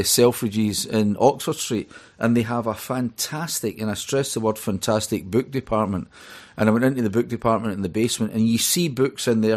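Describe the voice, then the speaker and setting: A man's voice: on the low side, darkish tone. Chatty Scottish man telling stories. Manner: chatty storyteller, rambling with many fillers. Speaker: author and DJ guest. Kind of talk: radio interview.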